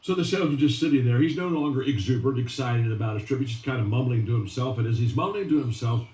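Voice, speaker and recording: A man's voice: mid-range voice, fast, warm tone. Man giving an emphatic motivational talk. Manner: emphatic, repeating key phrases, frequent restarts. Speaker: motivational speaker. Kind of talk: motivational speech with storytelling. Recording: roomy and distant from the mic.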